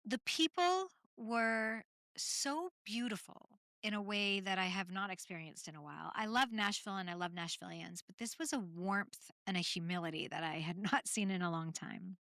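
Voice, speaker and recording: A chatty woman from Canada hosting her own podcast, spinning loose, laughing stories packed with ums and tangents. Her voice is bright and forward on a close mic, and the dry room adds no echo. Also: medium pitch, normal speed. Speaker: podcast host. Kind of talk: solo podcast storytelling.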